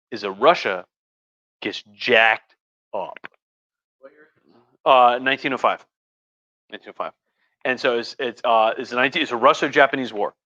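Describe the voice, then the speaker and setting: A man who teaches history, tipsy on wine, jokes and rambles through historical stories on a livestream, frequently restarting. His medium-pitched voice is bright and forceful, and the audio is slightly muffled.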